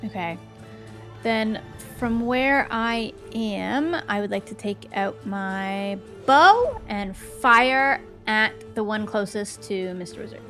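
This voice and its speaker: A woman's voice: medium pitch, expressive, slow pace, a bit bright, faint music behind. A woman with a mid-range voice plays a tabletop game. She speaks carefully and checks the details before she acts. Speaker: player. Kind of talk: casual tabletop play.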